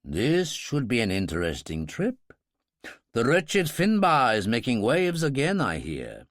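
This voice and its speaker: A man voicing a gruff older ship's master with a harsh, sardonic manner. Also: medium pitch, huge pitch swings, unhurried, fairly bright tone, dry recording, studio quality. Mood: sly.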